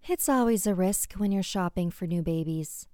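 A woman voicing a cheerful, calmly sinister mother who speaks in a soothing, matter-of-fact way. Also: lowish voice, normal speed, dry recording, studio quality, natural voice.

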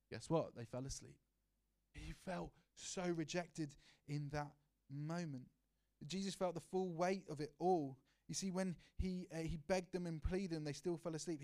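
A man delivering a heartfelt sermon, his voice sitting a little higher than most men's. He speaks earnestly and personally and sometimes sinks into a hushed tone. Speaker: preacher.

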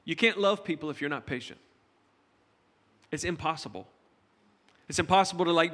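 Man, middle-aged pastor, conversational joking sermon, higher voice, long church-hall echo. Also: fairly bright tone.

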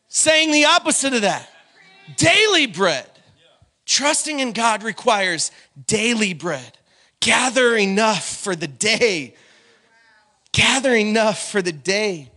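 A man preaching a sermon in an animated way, at times breaking into shouts and brief singing. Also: very high voice.

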